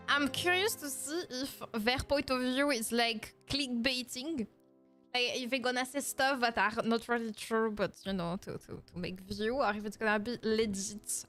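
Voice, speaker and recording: A woman's voice: fairly high pitch, fairly bright tone. A woman with a French accent chatting casually on a live stream, playful, slipping in French words and laughing often. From France.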